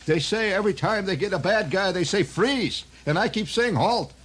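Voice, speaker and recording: A man's voice: high voice, animated, normal speed, a bit bright, slight background noise, pitched above the performer's own voice. A man putting on a sad old Irish beat cop. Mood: mournful brogue. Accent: Irish brogue.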